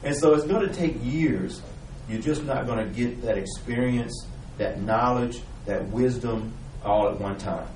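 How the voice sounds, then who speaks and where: A man joining an informal Bible study discussion, halting and repeating himself with many "you know"s. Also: medium pitch, darkish tone, distant mic, slight background noise. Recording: echoey room, voice from across it.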